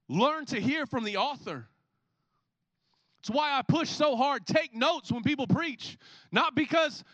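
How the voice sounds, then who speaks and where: A man in his thirties preaching a sermon as a pastor, telling stories in an animated way and acting out the scenes. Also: very high voice, no echo. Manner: animated storytelling, acts out scenes. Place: church.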